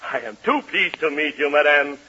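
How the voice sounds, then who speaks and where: An actor with a Danish accent playing a stiff, formal opera singer in a 1940s radio comedy, delivering his jokes deadpan. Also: on the high side, normal speed, a little hiss or hum. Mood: pompous. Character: pompous foreign opera singer, man. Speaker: guest singer in a sketch. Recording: muffled old radio broadcast.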